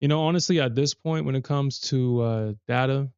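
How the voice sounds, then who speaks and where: Male livestream host, gravelly and dry, rambling with frequent restarts. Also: mid-range voice, a little fast, a little mellow, no room sound, lo-fi sound. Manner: rambling, many restarts and self-corrections. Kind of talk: casual livestream chat.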